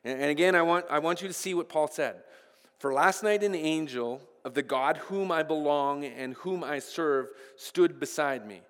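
A man's voice: fairly high pitch, moderate pace, long reverb tail. A pastor preaching a sermon, earnest, often repeating the first word of a phrase as he goes.

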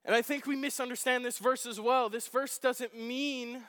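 A middle-aged man preaching a sermon as a pastor, telling a personal story with acted-out shouts. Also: very high-pitched, measured pace, hardly any pauses. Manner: animated storytelling, acting out his own shouts. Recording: long hall reverb.

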